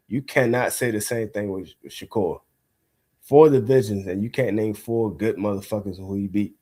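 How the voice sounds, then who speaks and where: A man's voice: fairly low pitch, a little mellow. Man, co-host, casual profane boxing talk, straight-ahead delivery. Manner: blunt, profane, opinionated.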